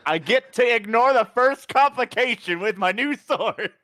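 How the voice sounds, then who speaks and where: High-voiced male player, quick reactions. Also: animated, sharp tone, dry recording. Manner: short reactive interjections. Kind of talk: casual chat during a tabletop game.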